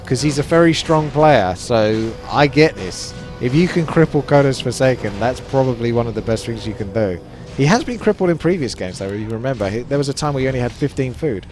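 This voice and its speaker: A man's voice: medium pitch, expressive, a little fast, hardly any pauses, darkish tone, soft background music. A man casting a live strategy game match, chatty and analytical. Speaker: esports caster.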